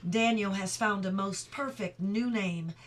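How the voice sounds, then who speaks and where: A middle-aged woman reading a novel aloud at home, steady and clear, now and then stopping for chatty asides. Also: medium pitch, measured pace. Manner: reads steadily, breaks off for chatty asides and laughter. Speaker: audiobook reader.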